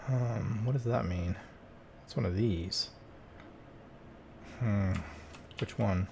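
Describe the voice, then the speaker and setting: A man's voice: lowish voice, slow, creaky, long pauses, mellow, a little hiss or hum. A man streaming a cleaning game, muttering and exasperated as he talks to the game, in casual gameplay commentary.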